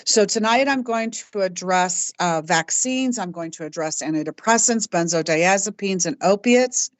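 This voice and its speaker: A woman hosting her own talk show, speaking in a halting way with frequent restarts, who calls herself stoic. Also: mid-range voice, dry recording. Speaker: host. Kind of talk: personal talk show monologue.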